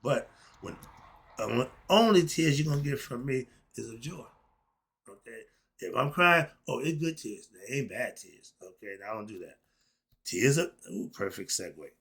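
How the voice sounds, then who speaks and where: Male host, casual monologue; husky, gravelly delivery, drawn-out stresses, punchy rhetorical questions. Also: medium pitch, animated, a bit bright. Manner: emphatic, asks himself rhetorical questions and answers them. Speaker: host of his own online channel.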